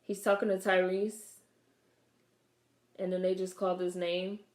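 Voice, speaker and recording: A young woman vlogger speaks in a lowish, level, slightly mellow voice at a measured pace while watching a film. Her casual commentary mixes wry asides with talking back to the screen, and the room adds an audible echo.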